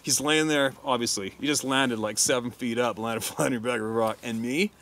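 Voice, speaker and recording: Brisk and with few pauses, a medium-pitched middle-aged man who works as a hunting guide relates a crude story in a casual way. He laughs frequently and gets crude and animated when quoting others.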